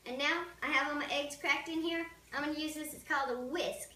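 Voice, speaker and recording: A woman's voice: high voice, fairly even intonation, fairly quick, bright, forceful tone, soft background music. A woman hosting a casual home cooking demo, chatty, playful and self-deprecating. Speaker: cooking show host. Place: home kitchen. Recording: roomy, distant, noisy kitchen recording.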